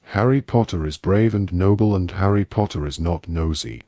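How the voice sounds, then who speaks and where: A man's voice: deep voice, normal speed, dark tone, no echo. A man voicing a loyal, anxious male house elf who speaks earnestly and humbly. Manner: earnest, servile.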